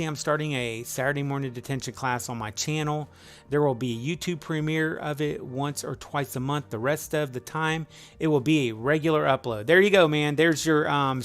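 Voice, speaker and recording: A middle-aged man hosting a casual live trivia stream, rambling and upbeat as he greets viewers by name. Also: medium pitch.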